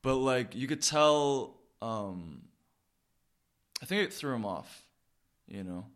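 A man's voice: medium pitch, lively intonation, takes it slowly, clean tone. A man co-hosting a podcast, telling a story in casual chat, full of fillers and the odd swear word. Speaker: podcast co-host.

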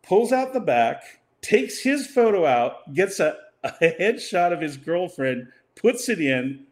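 A man's voice: high-pitched, big pitch swings, slow. An older man telling a rambling story in casual conversation, laughing often and acting out what other people said. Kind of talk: casual anecdote.

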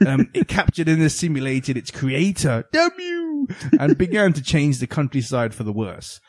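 A man co-hosting a casual retro gaming podcast, reading a game's plot aloud with jokey asides. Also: normal speed. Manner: animated, jokey, sudden jumps in pitch. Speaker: podcast co-host.

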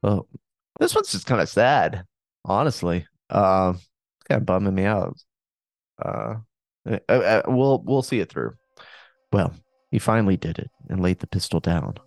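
Deep-voiced joking podcast host. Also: male voice, sing-song, measured pace, gravelly, pauses often, dry recording, clean studio sound. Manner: reads listener stories with joking asides. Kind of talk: casual podcast storytelling.

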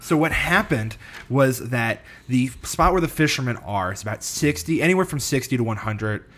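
A man's voice: medium pitch, expressive, moderate pace, a bit bright. Casual swearing man explaining history. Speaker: podcast co-host presenting a history topic. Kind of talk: casual podcast chat.

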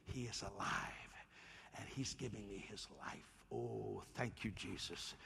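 A man preaching a sermon as a pastor in a church, animated and playful, often calling on the congregation to answer him. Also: lowish voice, measured pace, gravelly, slightly rough, in a large hall. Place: church hall.

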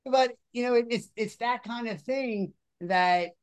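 A middle-aged man, a football coach hosting a casual chat, telling stories in an animated way and often repeating his words. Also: very high-pitched, a little slow, smooth.

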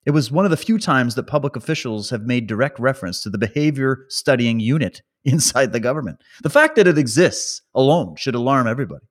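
A man's voice: mid-range voice, big pitch swings, fast, few pauses. A man from Canada hosting a podcast, reading a news article aloud and ranting over it in a sarcastic, mocking way. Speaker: podcast host.

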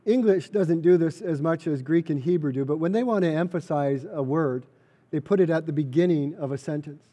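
A man's voice: a little high, brisk, dark tone. A man preaching a sermon, earnest and emphatic, repeating key phrases for weight. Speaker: pastor.

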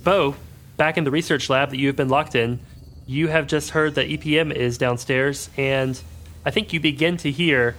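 A man acting as game master, calmly explaining scenes and rules. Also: medium pitch, moderate pace. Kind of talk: running a tabletop game.

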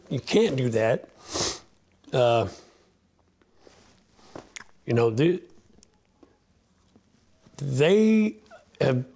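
Gravelly, plain-spoken sled dog racer. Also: male voice, fairly high pitch, darkish tone. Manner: folksy, plain-spoken, with many fillers and restarts; choked up and close to tears at times. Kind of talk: emotional storytelling in an interview.

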